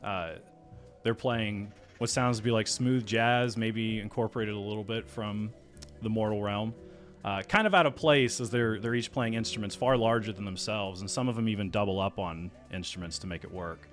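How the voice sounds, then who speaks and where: A man's voice: lowish voice, fairly even intonation, normal speed, soft background music. A man narrating a tabletop game as game master, loose and full of fillers.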